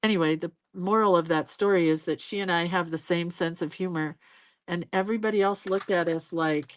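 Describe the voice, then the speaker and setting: A woman's voice: fairly low pitch, fairly even intonation, brisk, no room sound. A woman in her sixties hosting a live drawing stream, chatting casually as she paints. She laughs often and jumps between stories and viewer comments.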